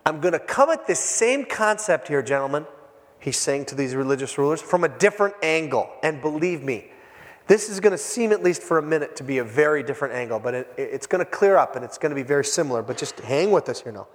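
A man preaching a sermon, retelling scripture in a lively storytelling way, acting out the voices and often restarting his phrases. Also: fairly high pitch. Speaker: pastor. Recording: echoey hall with long reverb.

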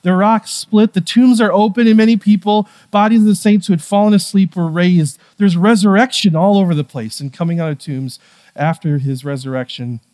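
A man delivers a sermon in an easy, conversational way, full of fillers and asides. His voice sits on the high side for a man. He sinks into soft, hushed stretches and then climbs back to raised, emphatic ones. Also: fairly even intonation, fairly quick. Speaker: pastor.

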